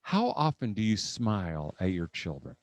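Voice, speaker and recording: A man's voice: on the low side, wildly swooping pitch, moderate pace, no echo. Folksy middle-aged man telling family stories. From Indiana, USA. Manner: folksy anecdotal storytelling, chuckles often, acts out family moments. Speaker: conference speaker. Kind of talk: humorous parenting talk to a live audience.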